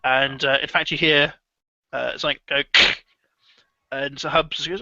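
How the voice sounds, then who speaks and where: Bright-voiced man running a tabletop game. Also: a little high, steady tone, normal speed, gravelly, pauses often, no room sound, highs cut off. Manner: hesitant, full of ums and restarts. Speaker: game master. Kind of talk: narrating a tabletop horror game.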